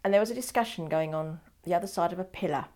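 A woman's voice: on the low side, fast talker, dark tone. An older woman telling her life story in an oral history interview, wry and digressive, often correcting herself mid-sentence.

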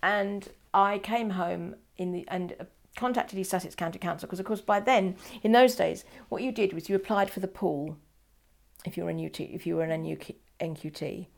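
An older woman recalls her past in an interview. Her voice sits low with a gravelly edge, and she acts out the dialogue of the people she remembers. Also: brisk. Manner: animated, acts out quoted dialogue. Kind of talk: personal storytelling.

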